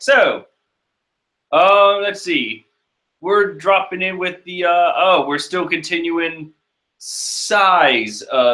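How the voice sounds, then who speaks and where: A man's voice: a little high, sharp tone. A young man chatting casually as he reacts to a comic, rambling and full of fillers. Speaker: manga reaction host. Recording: echoey room.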